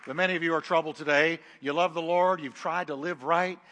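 A male preacher with a high, ringing voice delivers a sermon with strong emphasis. He swings from booming declarations down to hushed asides, and his voice carries a long reverb through a large hall. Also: steady tone, a little fast, some chatter behind. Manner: emphatic, shifts between loud declarations and quiet asides.

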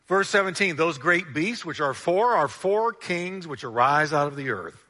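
A male pastor preaching a sermon with animated delivery, drawing the congregation into call-and-response. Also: fairly high pitch, moderate pace, few pauses, big-room sound.

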